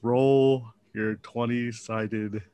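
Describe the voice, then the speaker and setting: A man's voice: mid-range voice, fairly even intonation, very slow, dark tone, clean tone. A man narrating as game master of a tabletop game, with joking asides and frequent laughs.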